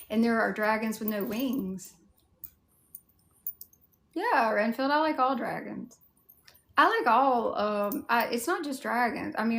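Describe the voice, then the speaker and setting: Responding to her viewers' comments, this Southern-accented woman keeps her cosplay livestream loose and frank, with some mild cursing. Her voice sits mid-range, fairly bright, with noticeable vocal fry.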